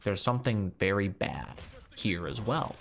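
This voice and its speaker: A female medium delivers a warning slowly and gravely, voiced by a man. She sounds low and measured. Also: animated, slight background noise. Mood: ominous. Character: woman psychic medium, calm and ominous.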